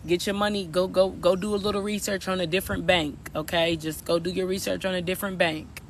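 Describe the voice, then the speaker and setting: This spiritual coach talks fairly quickly in a high voice with flat delivery, and a faint hiss or hum sits under the recording. Addressing his viewers as "y'all," he delivers a casual reading that turns preachy and keeps circling back to the same points.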